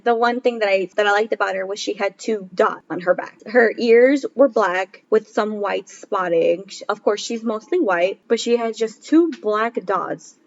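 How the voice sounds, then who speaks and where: A woman's voice: medium pitch, measured pace, muffled recording. A woman in her twenties, a podcast co-host telling a story in a casual chat. She talks with animation, laughs often and acts out what others said. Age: 20s.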